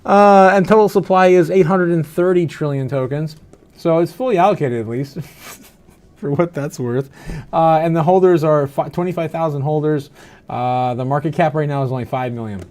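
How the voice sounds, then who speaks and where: Tipsy, chatty livestream host, fairly high voice. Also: male voice, moderate pace, a little mellow. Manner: loose and chatty, frequent "uh" fillers, laughs often. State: tipsy from drinking, slightly slurred. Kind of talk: casual livestream chat reading viewer comments.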